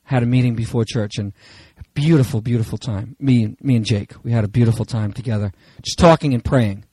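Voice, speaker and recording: A man preaching a sermon with passion, swinging between raised, shouted lines and hushed asides. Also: medium pitch, a little fast, husky, no echo, low-quality recording. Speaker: pastor.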